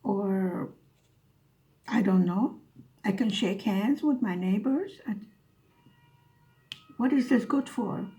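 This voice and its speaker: A woman's voice: medium pitch, slow, pauses often, mellow. A woman vlogger telling a story in a dry, sarcastic way as she chats over her craft. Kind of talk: casual storytelling while diamond painting.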